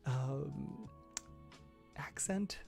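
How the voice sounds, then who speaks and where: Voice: mid-range voice, very slow, gravelly, faint music behind. A young adult livestream host chatting casually with viewers, laughing often and restarting sentences.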